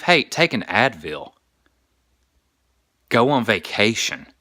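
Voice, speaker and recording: Animated man with bright, dry voice. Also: lowish voice, slow, no room sound. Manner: animated storytelling, crude and emphatic. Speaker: podcast host. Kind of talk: casual comedic monologue.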